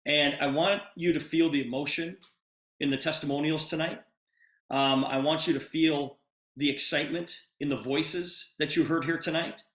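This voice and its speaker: A man's voice: a little high, steady tone, normal speed, fairly bright tone, echoey room. Urgent, enthusiastic man on a video call. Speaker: host of a sales call. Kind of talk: sales pitch on a video call.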